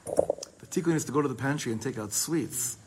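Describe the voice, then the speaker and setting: Man, Torah class teacher, lively, reads Hebrew then explains in English, light background noise. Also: mid-range voice, fairly quick. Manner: animated, mixes Hebrew readings with English explanation.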